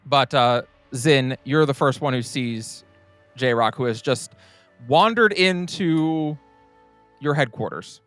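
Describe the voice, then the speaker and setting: A man narrating a tabletop game as game master, relaxed and a little hesitant. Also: medium pitch, takes it slowly, no room sound. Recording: faint music behind the voice.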